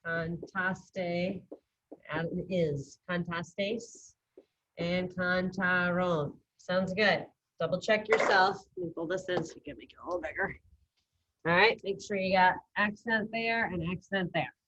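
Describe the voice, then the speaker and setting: A woman teaching an online language class, giving brisk, upbeat coaching over a video call. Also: lowish voice, steady tone, fairly bright tone, dull audio, slight background noise. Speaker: Spanish teacher.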